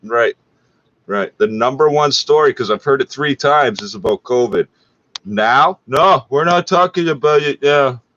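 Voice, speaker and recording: On a dull, lo-fi recording with a little hiss or hum, a Canadian podcaster mocks a local radio broadcast in an angry, profane, sarcastic rant. His mid-range voice is a bit bright and moves at normal speed.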